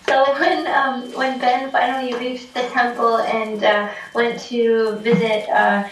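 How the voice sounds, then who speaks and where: A Tibetan woman casually tells a folk tale, chatty with many fillers and frequent laughter. Her voice is on the high side, flat in delivery and slow, recorded with a distant mic in an echoey room with slight background noise.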